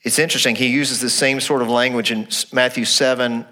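A man preaching a sermon to his congregation in a church. He is animated, asks rhetorical questions and repeats his phrases. He drops to a low, quiet voice to stress a point. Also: fairly quick. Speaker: pastor.

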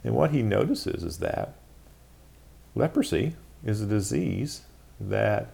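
A man's voice: on the low side, very animated, takes it slowly, vocal fry, warm tone, slightly rough. A man hosting a solo podcast, talking through ideas in a reflective, self-questioning way with frequent fillers. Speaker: podcast host. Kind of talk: casual solo podcast talk.

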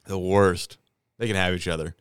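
A man's voice: low-pitched, fairly even intonation, normal speed, smooth, no echo, clean studio sound. A man co-hosting a casual podcast, swearing and dismissive. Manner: profane, dismissive. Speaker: podcast co-host. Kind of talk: casual chat.

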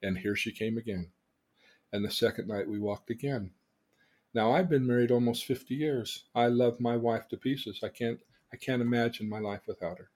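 An older man, a change coach, teaching through lively personal stories and acting out the people in them. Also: medium pitch, moderate pace. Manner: animated storyteller who acts out quoted dialogue. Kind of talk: storytelling lesson on a podcast.

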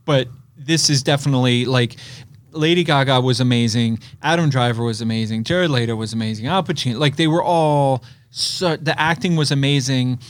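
A man co-hosting a casual movie chat, opinionated and animated as he lays out his take. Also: mid-range voice, moderate pace, no room sound. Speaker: co-host.

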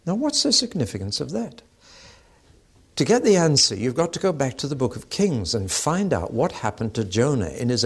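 A man preaching a sermon in a lively storytelling way, acting out the voices in his stories. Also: medium pitch, husky.

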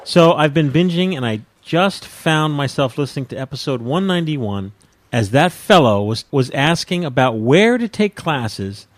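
A man's voice: fairly high pitch, expressive, normal speed, no echo. A man co-hosting a casual podcast, teasing his co-hosts and reading listener mail aloud. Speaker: podcast co-host. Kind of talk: casual chat.

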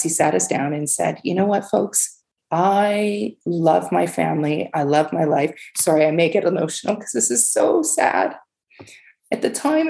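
Middle-aged woman, charity chief interviewee; low, gravelly, earnest and emotional. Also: darkish tone. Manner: earnest, emotional, many fillers and restarts. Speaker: charity CEO, interview guest. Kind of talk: conversational storytelling.

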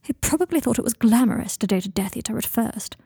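A woman's voice: a little high, a little fast, vocal fry, warm tone, breathy edge, no room sound, clean studio sound. A woman reading aloud and voicing a prickly, teasing young man with a haughty, mocking manner. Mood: bitter.

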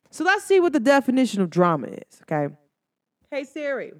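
A woman's voice: sits high, very animated, fairly quick, dry recording, studio quality. A woman hosting her own podcast, talking casually and emphatically straight to her listeners, full of slang and asides. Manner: emphatic and talkative, addresses listeners directly with slang. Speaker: podcast host. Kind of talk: casual solo podcast monologue.

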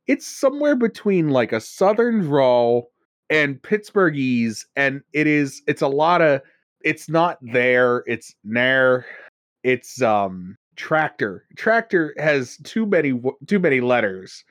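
A man's voice: a little high, very animated, measured pace, dry recording, studio quality. A man from Pennsylvania co-hosting a casual chat, rambling and often laughing between thoughts. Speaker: podcast co-host.

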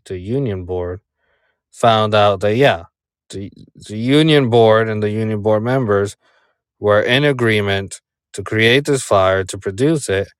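Low, slow-talking man on a call. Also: clear, resonant tone, dry recording, clean studio sound. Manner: rambling, many fillers and rhetorical "right?". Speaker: podcast co-host. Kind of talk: casual commentary. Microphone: remote call.

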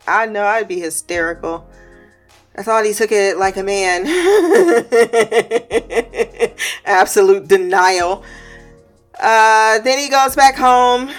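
A woman's voice: on the high side, fairly bright tone, smooth. A woman giving a casual episode recap, chatty, laughing often, swearing and acting out quotes. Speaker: show recap host.

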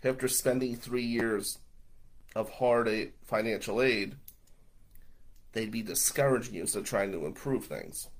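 A man with a gravelly, husky voice tells a story straight to the camera. His pitch sits mid-range, and his delivery is loose, animated and blunt, with swearing. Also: a little slow, low-quality recording.

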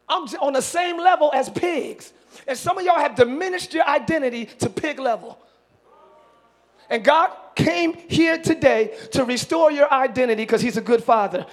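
A man pastor preaching a sermon in a church, swinging between hushed asides and shouted, animated exhortation. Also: extremely high pitch. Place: church sanctuary.

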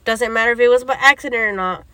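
A woman's voice: fairly high pitch, fast, a bit bright, clear, resonant tone, dry recording. A young woman, telling a story in casual chat, acting out quoted lines and swearing often. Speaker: podcast co-host.

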